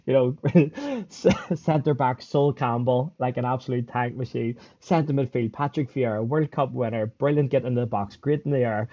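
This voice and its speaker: A middle-aged man from Northern Ireland with a Belfast accent, a former footballer telling lively stories as a podcast guest, laughing often and acting out quotes. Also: medium pitch, normal speed, hardly any pauses, dull audio. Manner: animated storyteller, laughs often, acts out quotes. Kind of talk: storytelling in a podcast interview.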